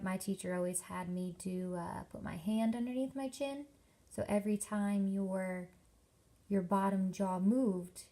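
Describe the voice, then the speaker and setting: A young woman teacher gives an instructional workshop presentation to parents in a warm, medium-pitched voice. She explains slowly and carefully, using lots of examples.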